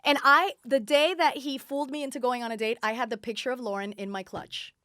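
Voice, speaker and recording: A woman's voice: high-pitched, fairly quick, dry recording, studio quality. Chatty storytelling woman from Puerto Rico. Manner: acts out quoted dialogue, lively and chatty. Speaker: guest. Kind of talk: animated storytelling. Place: podcast studio.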